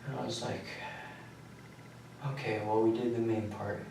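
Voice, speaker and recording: A young man in his late teens with a somewhat low voice tells his account in a halting, rambling way, sounding exhausted. He is recorded from far off in a bare, very echoey room. A faint hiss sits under the voice. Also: fairly even intonation, gravelly. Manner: rambling, halting, quiet recounting. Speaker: suspect under questioning. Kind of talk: recounting events in a police interview. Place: police interrogation room.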